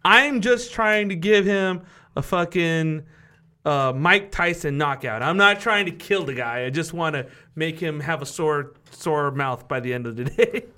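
A man playing a tabletop game, crude and excitable, swearing as he talks. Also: on the high side, measured pace, clean tone. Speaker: player. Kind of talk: casual game chat.

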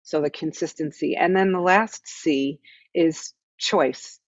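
A woman's voice: deep voice, takes it slowly, no room sound. A woman meditation teacher speaks as an interview guest in an earnest, explanatory way. She often checks in with "right?" as she makes her points. The recording is a little dull and very dry.

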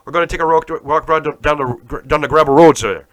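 A man's voice: fairly high pitch, quick pace, fairly bright tone, voice pushed up, natural voice. A man putting on a Newfoundland accent, voicing a rural Newfoundland man calling to a friend in an exaggerated folksy drawl. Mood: hearty. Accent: Newfoundland, imitated.

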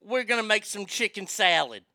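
A man putting on the voice of a loud, nosy older church lady with a Southern drawl who talks slowly and fumbles for her words. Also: high voice, expressive, no echo, studio quality, pitched above the performer's own voice, full character voice. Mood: chatty. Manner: loud, slow, showy.

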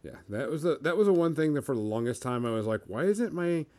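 A man of middling pitch hosts a laid-back hobby talk show. He rambles through his points with plenty of ums and uhs. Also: lively intonation, fast talker, a little mellow. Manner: rambling, many fillers. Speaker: podcast host. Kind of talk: casual hobby chat.

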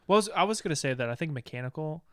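A man's voice: on the high side, lively intonation, very fast, a bit bright, no echo, clean studio sound. A young man co-hosting a podcast in casual chat, blunt and joking, swearing freely. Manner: blunt, swears, laughs often. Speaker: podcast co-host.

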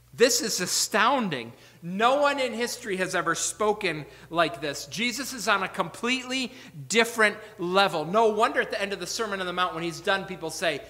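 A male pastor delivers a sermon in a high, bright voice. He presses his points with repeated rhetorical questions, then drops to quiet asides. The sound rings with the long reverb of a church sanctuary. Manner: earnest, rhetorical questions, swings between loud emphasis and quiet asides.

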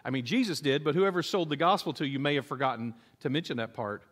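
A middle-aged male pastor gives a sermon in a high-pitched voice. He tells stories with humor and slips into acted voices for the people he quotes. The delivery stays animated and conversational. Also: fast talker. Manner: animated storytelling, acts out quoted voices, jokes with the congregation.

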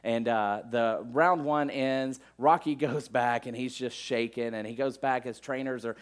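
A man's voice: mid-range voice, a little slow, clean tone. A middle-aged male pastor preaching a sermon in a loose, conversational way, full of asides and fillers.

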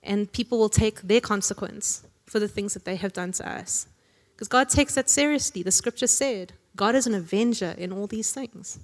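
A woman's voice: medium pitch, moderate pace, hardly any pauses. Woman preacher, casual conversational sermon with jokey asides, long hall reverb. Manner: conversational, tag questions, jokey asides with laughs.

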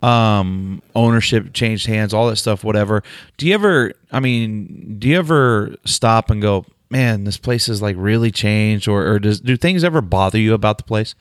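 A man with a low voice hosts a podcast, speaking his mind candidly and swearing casually as he goes. The recording is dry and close. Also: moderate pace, no echo. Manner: opinionated, candid, swears casually, restarts often. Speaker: podcast host.

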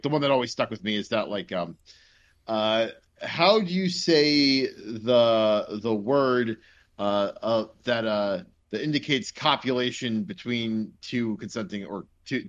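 A man's voice: lowish voice, normal speed, dull audio. A young man from New Jersey co-hosting a casual podcast, rambling with lots of fillers. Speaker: podcast co-host. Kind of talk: casual chat.

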